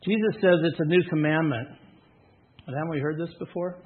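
A man's voice: fairly high pitch, fairly quick. A man preaching a sermon, reading scripture aloud and adding casual comments between the passages. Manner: reads scripture then comments in a casual aside. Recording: tinny phone-like sound.

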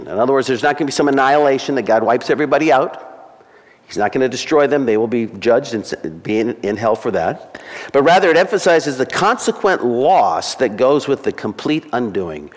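A man's voice: medium pitch, in a large hall. A man preaching a sermon as pastor, emphatic and conversational, acting out quotes as he explains the text.

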